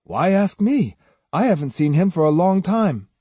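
A man's voice: sits high, sing-song, normal speed, warm tone, husky, dry recording, pitched above the performer's own voice, heavily acted. A man voicing an earnest, loyal young boy who is a sword pupil, speaking bluntly. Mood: curious, blunt. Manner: blunt, proud, plain-spoken.

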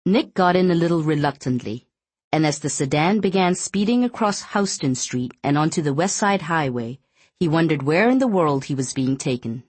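A woman reads a novel aloud in a low, measured voice. Her storytelling is steady and even. The sound is close and dry. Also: breathy edge, no echo. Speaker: audiobook narrator. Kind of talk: scripted narration.

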